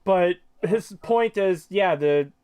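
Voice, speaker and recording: A young man co-hosting a casual commentary podcast, joking and rambling and quick to laugh. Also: high-pitched, a little mellow, smooth. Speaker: podcast co-host.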